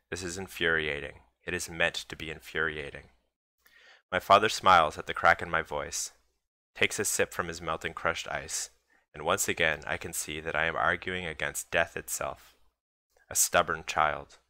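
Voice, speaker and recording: A man's voice: very deep voice, bright, forceful tone, dry recording. A man reading a chapter of his own novel aloud, in a dry, understated manner. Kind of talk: book reading.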